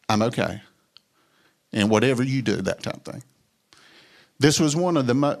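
A middle-aged man telling a personal faith story in a folksy way, acting out the dialogue as he goes. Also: medium pitch. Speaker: businessman sharing his testimony. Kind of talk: personal testimony talk.

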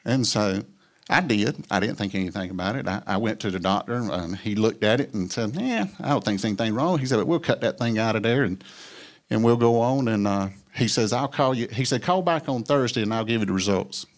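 Middle-aged man, low-pitched, folksy testimony storyteller. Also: animated, a little fast. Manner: folksy, storytelling, acts out dialogue. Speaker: businessman sharing his testimony. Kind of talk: personal testimony talk.

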